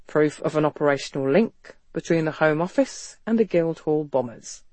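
A narrator voicing a quiet, controlled male agent who speaks low and matter-of-fact in an audiobook. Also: animated, moderate pace, no echo, close to an everyday voice. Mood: quiet, guarded. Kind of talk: audiobook character reading.

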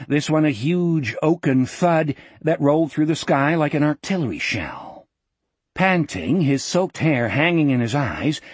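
Husky male audiobook narrator. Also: mid-range voice, no echo. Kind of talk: scripted narration.

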